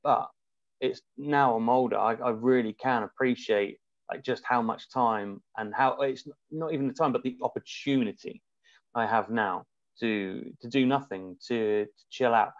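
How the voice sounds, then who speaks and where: A man talking as a podcast guest in casual conversation, reflective and halting, often restarting his sentences. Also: medium pitch, no room sound. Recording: muffled dry remote audio.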